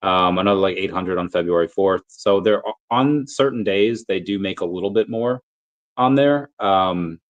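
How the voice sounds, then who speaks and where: Man, lower voice, casual livestream host, meandering and filler-heavy. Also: normal speed, highs cut off. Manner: rambling, thinks aloud with many fillers. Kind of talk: casual livestream chat reading super chats.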